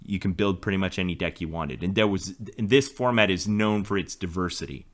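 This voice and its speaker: Guy in his 40s, bright voice, chatty podcast host telling a story. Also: low voice, brisk. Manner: explanatory, storytelling. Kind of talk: casual chat.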